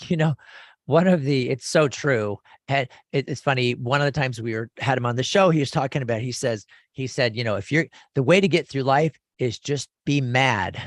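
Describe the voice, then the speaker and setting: A man's voice: medium pitch, moderate pace, no room sound, studio quality. A man in his fifties hosting a radio show, talking in a rambling, enthusiastic way with frequent restarts. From California. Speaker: radio show host and lawyer. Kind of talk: casual radio talk.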